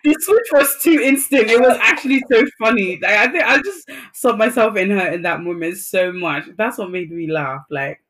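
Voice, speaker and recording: Animated, effusive woman co-host. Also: medium pitch, moderate pace, hardly any pauses. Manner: effusive, animated storytelling with many fillers. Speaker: podcast co-host. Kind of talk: casual chat reviewing a drama.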